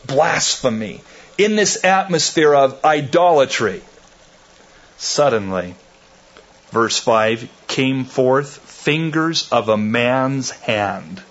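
A man preaching an expository sermon, with slow deliberate phrasing that rises to loud emphatic peaks. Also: mid-range voice, highs cut off.

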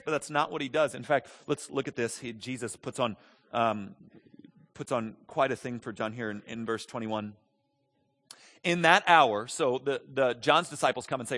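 Animated preaching man, bright voice. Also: medium pitch, normal speed. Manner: animated, swings from soft asides to loud emphatic preaching; conversational, with frequent restarts. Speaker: pastor. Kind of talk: sermon.

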